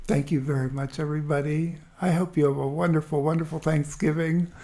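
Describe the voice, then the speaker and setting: A man's voice: fairly high pitch, steady tone, fairly quick, dark tone. A man chatting casually with livestream viewers from an easy chair at home, laughing often between remarks. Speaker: musician hosting a livestream.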